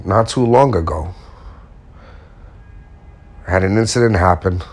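A custom furniture maker with a lowish, husky voice gives a blunt, slangy motivational talk, swearing casually as he goes.

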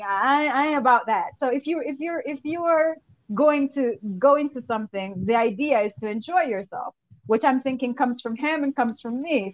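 High-voiced woman on a panel show. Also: no room sound, highs cut off. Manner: stammers on restarts, reasons point by point. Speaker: podcast guest. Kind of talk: casual panel discussion.

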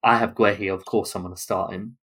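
A man co-hosting a casual football podcast, talking through matches in quick, chatty runs of possibilities. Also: lowish voice, steady tone, a bit bright, breathy edge. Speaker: podcast co-host.

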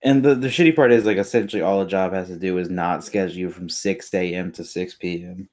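A young man with a notably low voice, talking casually among friends. He comes across as blunt and sardonic. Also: fairly even intonation, quick pace, a little mellow. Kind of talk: casual chat.

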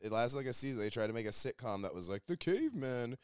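A man's voice: mid-range voice, expressive, fast, a little mellow, clean tone, no echo, clean studio sound. A young man co-hosting a comedy podcast, joking loosely, swearing, and dropping into silly impressions. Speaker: podcast co-host. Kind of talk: casual comedic chat.

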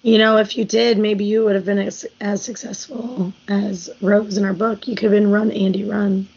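A woman co-hosting a podcast in casual chat, hoarse after losing her voice, raspy and chatty, telling stories. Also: mid-range voice, fairly even intonation, moderate pace, a little mellow, lo-fi sound. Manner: chatty storyteller, many "like"s. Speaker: podcast co-host.

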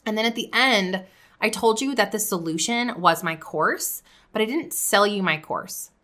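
Woman coach, bright upbeat voice, casual lesson delivery that shifts tone to demonstrate. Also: medium pitch, animated, moderate pace. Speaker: podcast coach. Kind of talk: teaching video with example pitches.

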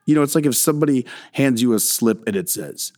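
A man's voice: mid-range voice, lively intonation, fast, a little mellow, no echo, studio quality. A man guest on a podcast, talking about filmmaking in a rambling, self-deprecating way, swearing often and restarting his sentences. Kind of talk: casual podcast interview.

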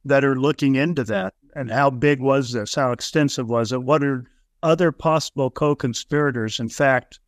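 Measured, deliberate man on a podcast. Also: medium pitch, dry recording, clean studio sound. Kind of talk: podcast interview conversation.

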